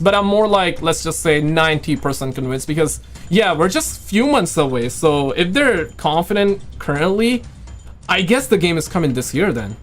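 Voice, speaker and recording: A man with a high voice talks excitedly on a live stream, rambling and answering viewers as he goes. He says he is losing his voice. Faint music plays quietly underneath. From Quebec, Canada. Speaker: livestream host. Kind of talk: casual live stream chat.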